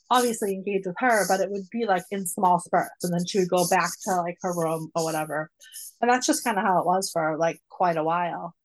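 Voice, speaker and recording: A woman in her forties telling a long personal story in a casual, rambling way, full of fillers and lively quoted asides. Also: on the low side, low-quality recording. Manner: rambling, many "like" fillers, animated when quoting. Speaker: mother of a nonverbal daughter, guest.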